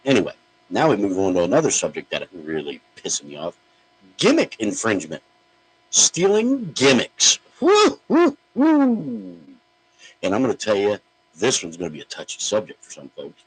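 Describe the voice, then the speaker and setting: A man's voice: low voice, lively intonation, fast, a little hiss or hum, low-quality recording. A man hosting a podcast, ranting in a blunt, profane, mocking way. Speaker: podcast host. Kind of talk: opinionated podcast rant.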